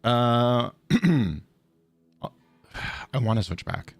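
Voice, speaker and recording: A man's voice: medium pitch, extremely slow, gravelly, clear, resonant tone, dry recording, soft background music. A man playing a tabletop role-playing game, chatting casually and hesitating with fillers.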